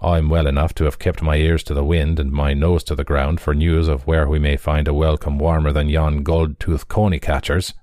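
A man voicing a gruff, weary hound spirit. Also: rumbling low, level tone, normal speed, few pauses, darkish tone, no room sound, clean studio sound.

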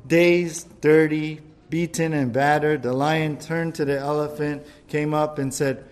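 A male pastor leading a verse-by-verse Bible study in a church, preaching in a lively, conversational way with jokes. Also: fairly high pitch, a little slow, hardly any pauses.

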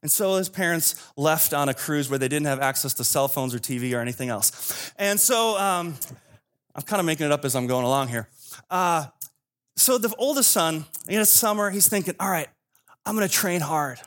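Man, high voice, sermon, storytelling, conversational asides. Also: animated, moderate pace, a bit bright. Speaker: pastor.

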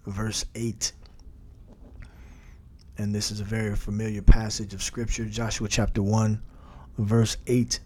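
A man's voice: mid-range voice, darkish tone. Man teaching a bible study. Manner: conversational, repeats and builds emphasis, frequent fillers.

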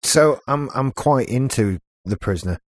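Man on a podcast cracking dry jokes, mid pitch, dead dry mic sound. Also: lively intonation, normal speed, no echo. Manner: wry, joking, trivia-minded. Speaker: podcast co-host. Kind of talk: casual chat.

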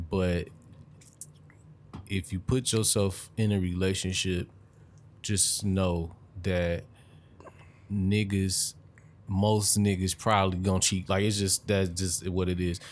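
A man with a fairly low voice co-hosts a casual podcast. He talks bluntly and profanely. He laughs between his points. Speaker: podcast co-host.

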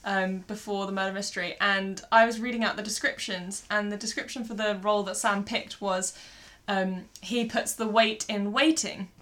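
A woman from England co-hosting a podcast, telling stories in a lively way and laughing often. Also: mid-range voice, moderate pace. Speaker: podcast co-host. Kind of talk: casual chat.

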